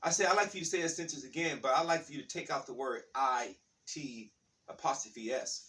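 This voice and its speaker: A man telling a rambling, animated story in a casual spiritual talk, with many restarts. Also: mid-range voice, brisk, far from the mic.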